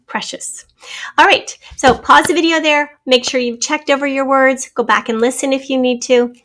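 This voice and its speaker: A woman's voice: fairly high pitch, gravelly, fairly bright tone. A woman teacher giving a spelling test, then going through the answer key, patiently spelling words out letter by letter.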